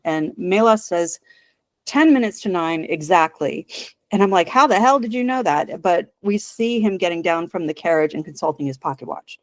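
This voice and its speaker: A woman's voice: fairly low pitch, no echo. A woman co-hosting a podcast, retelling a TV episode in casual chat and laughing often. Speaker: podcast co-host.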